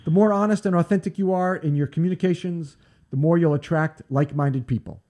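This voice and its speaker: A man hosting a podcast, chatty and playful, interviewing a guest and giving listener shout-outs. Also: on the high side, fairly quick. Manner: chatty, playful, animated, mocks accents in jest. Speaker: podcast host. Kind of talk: casual interview chat with live shout-outs.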